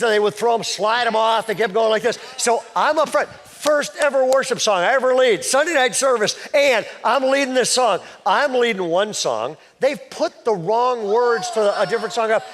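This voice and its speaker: A man's voice: high voice, a bit bright, slight background noise. A man preaching a sermon as pastor, telling a chatty, self-deprecating story to a congregation. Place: church stage before a live congregation.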